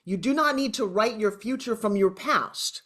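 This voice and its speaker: A woman's voice: mid-range voice, moderate pace. A woman in her sixties with a Long Island New York accent, a guest on a video call, telling personal stories in an emotional, chatty way. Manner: emotional, chatty, animated storyteller. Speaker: interview guest. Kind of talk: candid personal storytelling.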